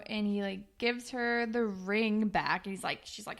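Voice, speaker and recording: A woman's voice: mid-range voice, fairly even intonation, moderate pace, hardly any pauses. A young woman co-hosting a podcast, casually recapping a TV episode and acting out the characters' lines. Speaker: podcast co-host.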